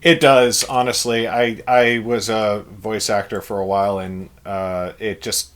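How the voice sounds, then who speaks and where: A man's voice: lowish voice, level tone, unhurried, a bit bright. A young adult man, an author on a live stream, reading his own novel aloud and chatting with viewers in a candid way.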